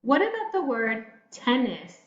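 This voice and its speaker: Woman teacher for a kids' spelling lesson: slightly high voice, very slow and patient, echoey room, dull lo-fi sound. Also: sing-song. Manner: slow, encouraging teacher talk to young students. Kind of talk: recorded classroom lesson.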